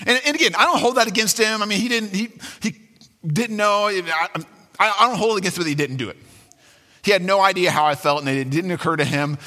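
A man preaching a sermon as pastor, animated and dramatic, acting out quotes with sudden swings in his voice. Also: high-pitched, fast, in a large hall.

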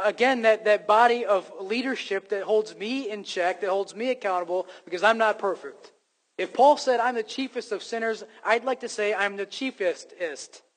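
A man delivers a sermon from the pulpit, emphatic and earnest, slipping in wry jokes at his own expense. His voice sits fairly high for a man. The sound rings with the long reverb of a church sanctuary. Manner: emphatic preaching with self-deprecating jokes. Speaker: pastor.

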